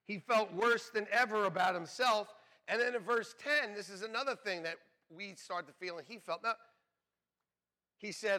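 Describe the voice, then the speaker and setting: A man preaching a sermon in a conversational, joking way, dropping to near whispers and building up to shouts. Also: high voice, moderate pace. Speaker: pastor.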